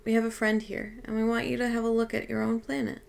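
Eccentric old otherworldly lady, voiced by a woman reader, gravelly, brisk, chatty, soothing, storybook. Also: a little high, monotone, darkish tone. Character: cheerful eccentric old female otherworldly being. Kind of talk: audiobook reading.

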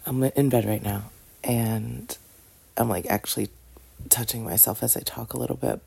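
Woman, very low and husky voice, drowsy morning tone, intimate casual diary from bed, often half-whispered. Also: moderate pace, dark tone. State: groggy morning voice. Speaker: audio diarist. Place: in bed at home.

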